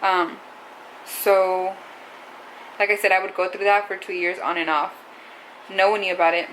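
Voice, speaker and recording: A woman's voice: mid-range voice, little pitch movement, normal speed, fairly bright tone, a little hiss or hum, poor audio. A young adult woman talking to camera in a casual, confessional vlog, rambling and saying "like" a lot. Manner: rambling, heavy use of "like". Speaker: vlogger.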